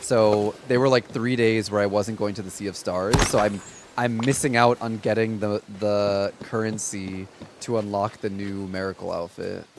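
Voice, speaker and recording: A man in his twenties chatting casually to viewers while streaming a game, telling stories in an animated way with lots of "like" fillers. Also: lowish voice, normal speed, background noise. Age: 20s.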